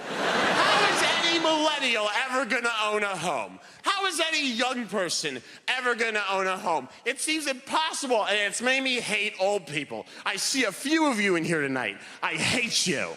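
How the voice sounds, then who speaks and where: A man in his thirties doing a stand-up comedy set on a theater stage, telling animated stories and shouting punchlines in put-on voices. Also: high voice, moderate pace. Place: theater stage before a laughing audience. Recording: live hall reverb, faint noise.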